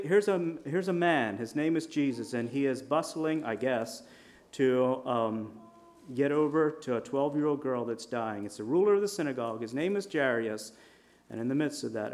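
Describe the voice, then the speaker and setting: A man preaching a sermon in a conversational storytelling manner, with lively shifts in volume. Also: medium pitch. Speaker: pastor.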